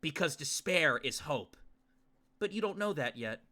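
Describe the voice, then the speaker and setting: A man voicing a cold male game villain who preaches about despair in slow, brooding speeches. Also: a little high, animated, sharp tone.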